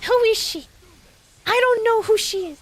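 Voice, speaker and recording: Woman doing a controlling young girlfriend: shrill, nagging, way above her own voice. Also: moderate pace. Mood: suspicious. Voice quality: shrill, high whine. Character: jealous, controlling young woman, whiny and suspicious.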